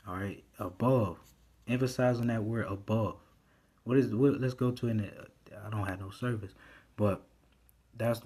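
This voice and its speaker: A man preaches from scripture in a low, mellow, slightly husky voice. He reads verses aloud and breaks up his teaching with a steady "all right" between phrases.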